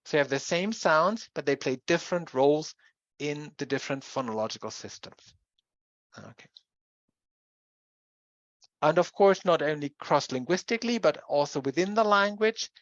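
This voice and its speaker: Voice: mid-range voice, lively intonation, moderate pace, dry recording. Lecturer, patient explainer, dry dull lo-fi sound. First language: German. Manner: explanatory, spells out sounds and examples. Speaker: university lecturer. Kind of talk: recorded linguistics lecture.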